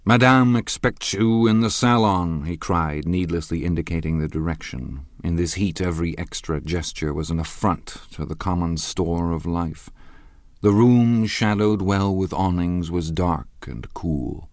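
A man narrating a literary audiobook in a measured, even reading. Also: low voice, dry recording.

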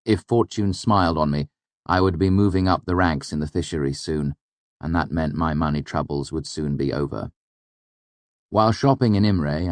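A man narrating an audiobook in a measured storytelling voice. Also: a bass voice, no room sound. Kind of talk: scripted narration.

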